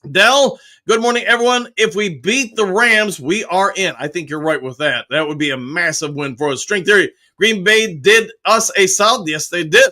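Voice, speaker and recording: A man's voice: high-pitched, moderate pace, few pauses, sharp tone. A man hosting a casual live fan stream, reading viewer comments aloud and answering each one, with frequent cheers and "uh" fillers. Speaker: podcast host reading live chat.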